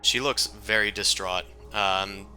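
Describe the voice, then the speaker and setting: A man's voice: on the low side, fairly even intonation, slow pace, music in the background. A man narrating a tabletop game as game master, in a loose, casual way with many fillers.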